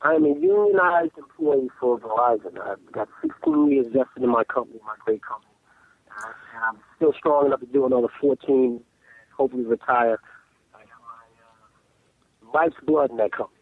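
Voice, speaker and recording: A man's voice: medium pitch, sing-song, a little fast, vocal fry, no room sound. A middle-aged man telling stories as a guest in a casual interview. He talks animatedly and repeats words as he starts sentences. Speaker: radio show regular as a guest. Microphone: telephone. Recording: tinny phone line, dry.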